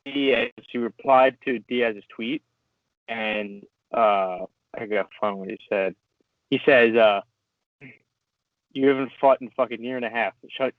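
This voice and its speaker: A man co-hosting a casual sports podcast, excitable and laughing often as he reads posts aloud. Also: mid-range voice, no room sound. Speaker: podcast co-host. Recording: dry, tinny phone-like sound.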